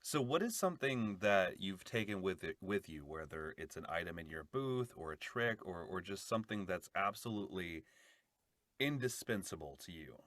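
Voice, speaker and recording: A man hosting a casual podcast interview, asking relaxed questions and giving short replies. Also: low-pitched, normal speed, dry recording. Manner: brief backchannels, relaxed questions. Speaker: podcast host.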